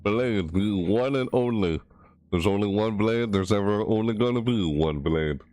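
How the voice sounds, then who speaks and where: With a darkish voice at an ordinary speed and no echo in the recording, a gaming video creator mumbles his way through a casual game rundown and reaction. He keeps correcting himself and starting lines over.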